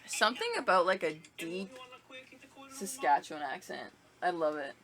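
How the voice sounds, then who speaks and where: A woman's voice: on the low side, lively intonation, normal speed, crowd noise. Chatty young Canadian woman host. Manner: loose, chatty, swears, laughs easily. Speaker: podcast host. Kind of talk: casual chat.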